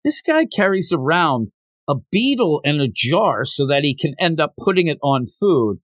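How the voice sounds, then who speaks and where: A man in casual podcast chat, recapping a manga chapter with lively swings in his fairly high voice. He jumps into the characters' voices as he tells it. The sound is close and dry. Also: normal speed, no room sound. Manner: animated retelling, acting out quotes with raised pitch. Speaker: podcast co-host reviewing manga.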